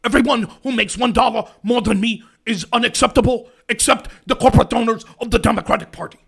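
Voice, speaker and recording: A man's voice: very high voice, normal speed, fairly bright tone, voice pushed up. A man putting on a mocking impression of an older male senator who pleads and lectures. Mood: mock-apologetic.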